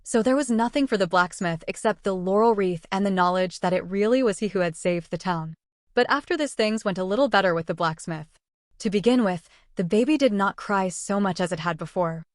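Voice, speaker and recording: Woman reading a story, even and measured, mid pitch, dry close sound. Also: dry recording. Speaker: narrator. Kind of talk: storybook narration.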